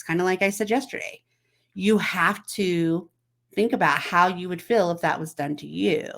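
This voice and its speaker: A woman with a voice on the low side hosts a casual chat to camera. She talks conversationally, asks the viewer questions, and acts out text messages in quoted voices.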